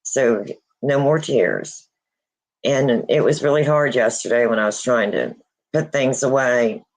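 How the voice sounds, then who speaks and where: A woman hosting a casual livestream, grieving and near tears, speaking haltingly with many pauses and restarts. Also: very deep voice, a little mellow, rough recording. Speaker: host of a paranormal channel.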